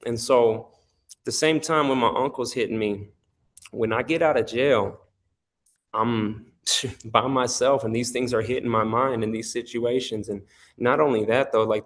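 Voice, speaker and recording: A man telling his faith testimony in a casual interview, animated, often laughing and acting out the voices of people in his story. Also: medium pitch, normal speed. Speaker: interview guest.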